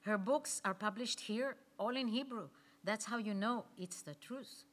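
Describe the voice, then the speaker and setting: A woman's voice: medium pitch, measured pace, a bit bright. A woman reading as an indignant arguing woman. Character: indignant woman arguing hotly in a kitchen debate.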